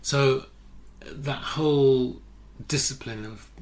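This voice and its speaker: An older man, a photographer telling stories in a relaxed interview, often restarting his sentences. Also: medium pitch, slow pace. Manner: anecdotal, self-correcting, many restarts. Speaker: guest photographer. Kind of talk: casual interview chat.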